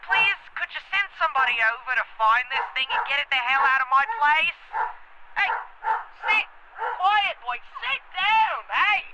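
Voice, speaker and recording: A high, flustered Aussie homeowner. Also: male voice, lively intonation, normal speed, lo-fi sound, heavy background noise. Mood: scolding. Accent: Australian, put on. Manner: exasperated, scolding a dog.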